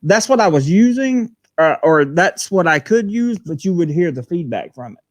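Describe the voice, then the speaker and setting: Man, slightly high voice, dry close sound, casual live-stream chat, agreeable, filler-heavy. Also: very animated, moderate pace, no room sound. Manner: laid-back, agreeable, lots of fillers. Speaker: channel host. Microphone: laptop setup on a video stream.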